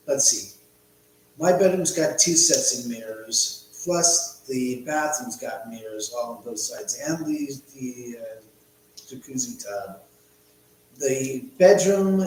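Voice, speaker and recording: A man's voice: medium pitch, a little mellow, a little hiss or hum. A man hosting a casual live stream from his house, rambling and swearing freely. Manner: rambling, profane, chatty. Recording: echoey room, distant mic.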